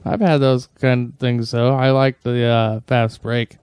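Male co-host, warm resonant tone, relaxed deadpan humor, dry close sound. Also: mid-range voice, unhurried, clean tone, no room sound. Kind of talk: casual chat.

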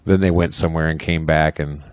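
A man's voice: a bass voice, fairly even intonation, a little fast, no echo. A man casually retelling a TV episode, laughing often and rambling. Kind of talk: casual chat.

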